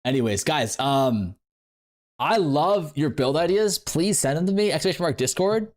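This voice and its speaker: Fairly high-pitched and a little mellow, this young man talks at normal speed with lively intonation. He's streaming games and chatting casually with viewers in a rambling, playful manner, full of fillers.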